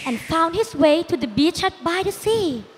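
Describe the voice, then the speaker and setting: A young woman narrating a school readers' theatre piece carefully and clearly. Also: extremely high pitch, big pitch swings, normal speed, long reverb tail, noisy background. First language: Thai.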